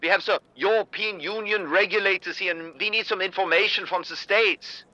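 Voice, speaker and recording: A smooth, official-sounding European compliance executive speaks in a put-on German accent, as a man acts him out. The voice sits high and sounds sharp and bright. The sound is dull and lo-fi. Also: fairly even intonation, a little fast, no room sound. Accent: fake German. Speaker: guest acting out a phone ploy.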